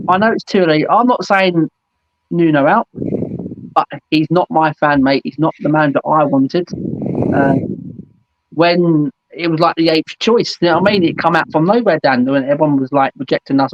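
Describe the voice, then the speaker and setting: A man's voice: fairly high pitch, moderate pace, pauses often, no room sound. A man hosting a fan call-in show, chatting casually and saying "mate" and "absolutely" a lot. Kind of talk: casual football chat. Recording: dull dry lo-fi sound.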